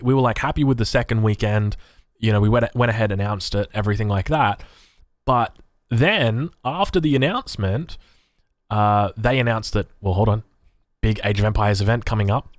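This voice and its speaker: A man's voice: on the low side, no room sound, studio quality. An Australian man streaming a strategy game, rambling casually and reading chat aloud. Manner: rambling, chatty, swears, reads chat aloud.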